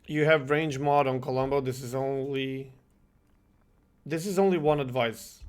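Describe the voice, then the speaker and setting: A man from Croatia chatting casually while streaming a game, animated and joking, swearing and laughing often. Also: medium pitch, a little slow, smooth. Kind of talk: casual gameplay chat with chat replies.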